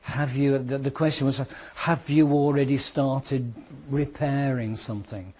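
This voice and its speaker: A British man teaching a law class to students, explaining with worked examples and repeating key points, sometimes speeding up and sometimes slowing down for emphasis. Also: medium pitch, steady tone, a little mellow, breathy edge. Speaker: law lecturer. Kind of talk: classroom lecture.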